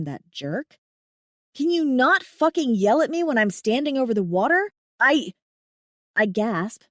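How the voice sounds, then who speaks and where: Female audiobook narrator, young adult, mid-pitched voice, emotive first-person read, dry recording. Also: no echo. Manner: expressive, emotive reading with dramatic swings.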